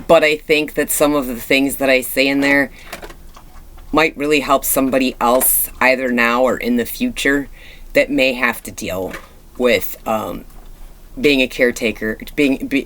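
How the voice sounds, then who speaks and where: Thirties woman vlogging, chatty and halting, full of ums and restarts, reflective. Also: very deep voice, fairly bright tone, a little hiss or hum. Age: 30s. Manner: candid and reflective. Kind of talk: rambling personal vlog.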